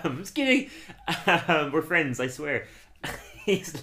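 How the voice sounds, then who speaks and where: A man co-hosting a casual chat, animated and laughing often as he acts out quotes. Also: a little high, normal speed. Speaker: podcast co-host.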